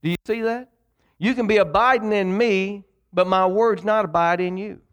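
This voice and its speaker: A man's voice: high voice, steady tone, normal speed, fairly bright tone, clean tone. A male pastor preaching a sermon, emphatic and repetitive, calling on the congregation to read along. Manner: preaching with call-and-response to the congregation.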